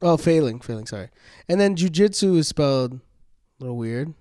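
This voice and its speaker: A man's voice: fairly high pitch, brisk, no echo, studio quality. A man co-hosting a comedy podcast, spinning rambling improvised stories and laughing as he goes. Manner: animated, laughing, rambling storyteller.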